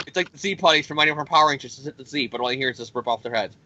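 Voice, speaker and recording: A man's voice: mid-range voice, rapid-fire, pushed and bright, dry recording, lo-fi sound. A man hosting a comics podcast, recapping a storyline in a profane, sarcastic way and stumbling over restarts. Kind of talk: casual comic recap with put-on voices.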